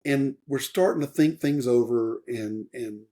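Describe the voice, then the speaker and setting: A retired Army warrant officer in his fifties tells his story as a podcast guest in a conversational interview. He rambles earnestly and openly emotionally, with lots of fillers and restarts, in a mellow, medium-pitched voice at a slightly slow pace.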